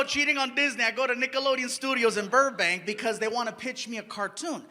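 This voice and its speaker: A male stand-up comedian telling a story on a live stage, animated, playful and exasperated. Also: extremely high pitch, quick pace, hardly any pauses, a faint crowd.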